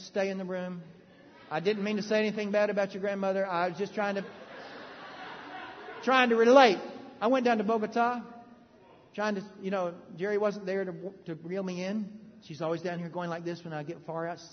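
A man preaching a sermon, animated and joking with the audience, swinging between loud bursts and hushed moments. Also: sits high. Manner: joking, conversational asides to the audience. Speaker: pastor. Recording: reverberant hall, dull lo-fi sound.

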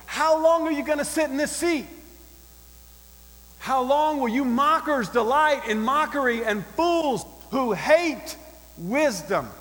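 A man voicing Wisdom as a loud, calling woman. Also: extremely high pitch, expressive, takes it slowly, long reverb tail, pitched above the performer's own voice, heavily acted. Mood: reproachful. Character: wisdom personified as a woman crying out in the streets.

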